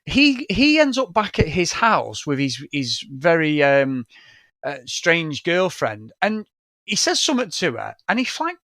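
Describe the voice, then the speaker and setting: A man with a high, springy voice that leaps all over the place. He swears freely and acts out scenes as he talks. His voice is recorded close and dry. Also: wildly swooping pitch, measured pace, sharp tone, no room sound. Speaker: podcast co-host. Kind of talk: casual film review chat.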